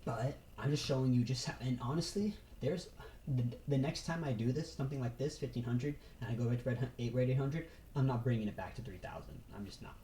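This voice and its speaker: A young man talks straight to camera in a casual vlog, fast and animated, with slang and swearing. His voice is mellow and rather dark. A faint hiss of background noise sits under his voice. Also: medium pitch, poor audio. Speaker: trader.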